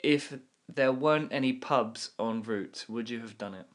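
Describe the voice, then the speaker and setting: Brief: young male podcast host, slight West Country accent, friendly and teasing, mid-pitched voice. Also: moderate pace. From Dorset, England. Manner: friendly, teasing questions, easy laughs. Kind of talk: casual chat.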